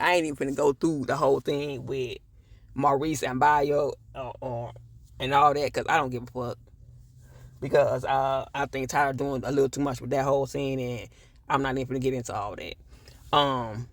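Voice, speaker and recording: A man recapping and reviewing a TV episode, with animated, profane, indignant ranting. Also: medium pitch, no room sound. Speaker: TV show reviewer.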